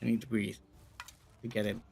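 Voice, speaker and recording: A man giving let's play commentary, chatting calmly and then yelling in panic. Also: lowish voice, fairly quick, gravelly, slight background noise. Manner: excitable, swings from calm chatter to yelling in panic. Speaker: gaming video creator.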